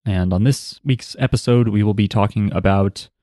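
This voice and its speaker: A man's voice: fairly low pitch, normal speed, dark tone, no room sound, clean studio sound. A man co-hosting a podcast in casual chat, joking, rambling and swearing freely. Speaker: podcast co-host.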